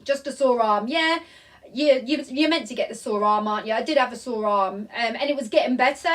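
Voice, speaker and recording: A woman's voice: on the high side, brisk, recorded from a distance, rough recording. A woman hosting a live Q&A from home, chatting in a rambling, apologetic way with lots of "um" and "like", reading viewer comments aloud into a tablet. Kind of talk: casual live-stream chat. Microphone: tablet recording.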